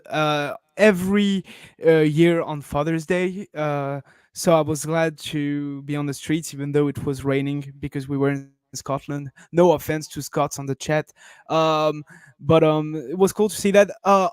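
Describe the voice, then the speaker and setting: A man guest reporter with a non-native English accent, chatting casually on a podcast in a halting, apologetic way. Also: a little high, clear, resonant tone, no room sound, clean studio sound. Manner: halting, apologetic, with many fillers.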